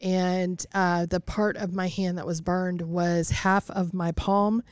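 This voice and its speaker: A woman's voice: on the low side, flat delivery, takes it slowly, smooth, no room sound, clean studio sound. A woman as a podcast guest, recounting a painful personal experience in a matter-of-fact way. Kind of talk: personal interview.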